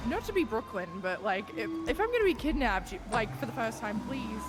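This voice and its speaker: A woman in a roleplay game telling a rambling story in character, leaning on "like" and quick laughs. Her voice rises and falls in a lively way. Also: on the high side, faint music behind. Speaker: roleplay player.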